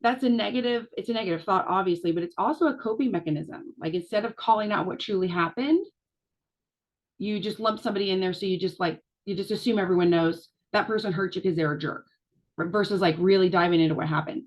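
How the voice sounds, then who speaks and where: A woman's voice: mid-range voice, fast. A woman giving a casual coaching talk, chatty, with lots of fillers and restarts.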